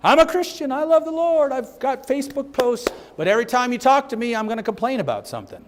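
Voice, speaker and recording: A grumbling, self-satisfied churchgoer, as a preacher puts him on, whines in a voice pushed up high. He rattles his words off fast and complains nonstop. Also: expressive, noisy background. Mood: mocking whine. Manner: whiny, rushed, complaining.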